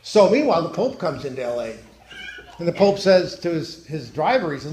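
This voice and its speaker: A middle-aged man doing stand-up at a church, telling joke stories with deadpan delivery and punchlines that drop low and quiet. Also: a little fast. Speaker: stand-up comedian. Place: church hall. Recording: echoey hall, faint noise.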